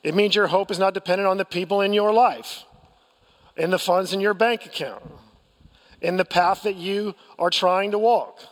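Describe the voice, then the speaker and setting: Man, American accent, pastor, sermon, self-deprecating storyteller, higher voice, long hall reverb. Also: moderate pace. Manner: candid storytelling with self-deprecating humor and frequent restarts.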